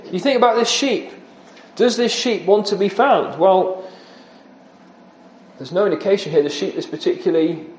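A man's voice: high-pitched, darkish tone, roomy sound, low-quality recording. A man preaching an earnest expository sermon, often dropping his voice for emphasis.

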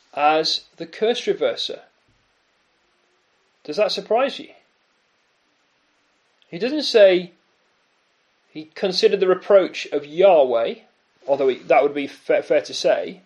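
A man preaching a sermon, emphatic and full of rhetorical questions and dramatic pauses. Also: high-pitched.

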